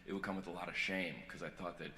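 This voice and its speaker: A male stand-up comedian on stage, telling personal stories, going from earnest confession to loud joking. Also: sits low, fairly even intonation, fast talker, a little hiss or hum. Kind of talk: stand-up set. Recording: echoey hall with loud crowd. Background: audience laughter.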